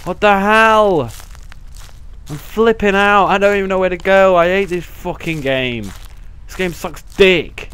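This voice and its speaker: Jumpy high-voiced swearing young man. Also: unhurried, a bit bright, smooth. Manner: jumpy, swearing constantly, panicky outbursts. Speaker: gaming channel host. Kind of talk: let's play commentary.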